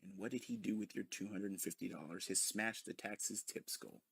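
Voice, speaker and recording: A man's voice: lowish voice, moderate pace, vocal fry, fairly bright tone, husky. A man ranting in a sarcastic, mocking commentary full of profanity. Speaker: commentary video host.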